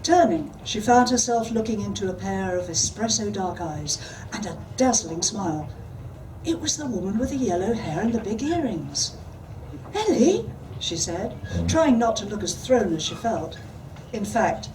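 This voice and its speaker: A woman's voice: medium pitch, expressive, normal speed, a little mellow. Woman author reading from afar. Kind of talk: reading fiction aloud at a panel. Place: event hall. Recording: distant mic with background noise.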